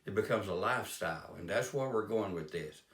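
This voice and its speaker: A man's voice: lowish voice, a little fast, a bit bright. Folksy man, roomy echo. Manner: plain-spoken, homespun, rambling anecdotes. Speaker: life-lessons speaker. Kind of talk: folksy storytelling monologue.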